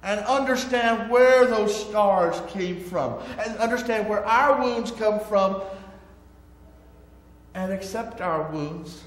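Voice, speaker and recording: A male pastor preaching a sermon, drawing out his words and swinging between loud and soft. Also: high voice, slow pace. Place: church sanctuary. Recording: echoey church sanctuary with long reverb.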